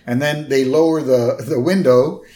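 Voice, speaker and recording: A man's voice: medium pitch, moderate pace, mellow. Man casually recapping a cartoon episode. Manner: retells scenes with quoted lines, fillers and "right?". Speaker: podcast co-host.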